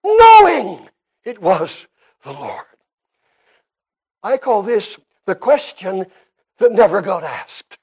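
A man with a Canadian accent preaching a sermon, emphatic and shifting between quiet and loud passages. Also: high voice, huge pitch swings, takes it slowly, pauses often, slightly rough.

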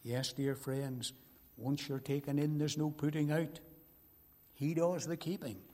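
A man's voice: on the high side, fairly even intonation, a little slow, dark tone. An older man preaching an evangelistic sermon, emphatic and pleading, repeating his key phrases. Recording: long hall reverb.

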